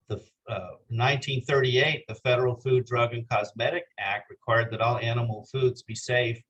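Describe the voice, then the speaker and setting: A man's voice: medium pitch, fairly bright tone, rough recording. A man giving an earnest slide lecture for a legal education course, often hesitating and calling for the next slide. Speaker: continuing legal education presenter.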